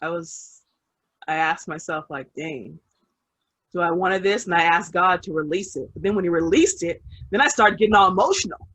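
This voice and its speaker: A woman's voice: lowish voice, fairly quick, fairly bright tone, husky. A woman co-hosting a casual podcast chat, talking candidly and reflectively with emphatic repeats. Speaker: podcast co-host.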